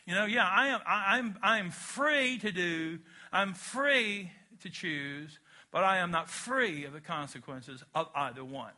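A man's voice: high-pitched, animated, a little slow, pushed and bright. A middle-aged man preaching a sermon, emphatic and folksy, with jokey asides and call-and-response to the congregation. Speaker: pastor.

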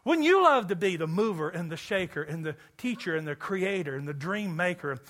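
A man from Kentucky preaching a sermon to a church congregation, animated and joking with the listeners. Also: sits high, a little fast. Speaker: pastor.

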